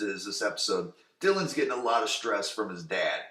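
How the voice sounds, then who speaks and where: A young adult man hosting a podcast, recapping an episode in a rambling, profane, animated way. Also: lowish voice, fairly quick, hardly any pauses. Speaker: podcast host. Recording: roomy echo.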